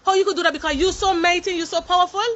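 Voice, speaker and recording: Speaking very fast in an extremely high, steady voice with a fairly bright tone, this warehouse employee protests indignantly and emphatically to the camera, mixing French into her English mid-sentence. The audio is dull.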